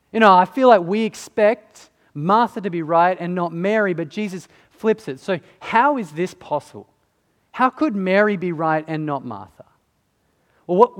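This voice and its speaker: A man's voice: sits high, in a large hall. A man preaching a sermon in a conversational way, often turning to ask the listeners questions.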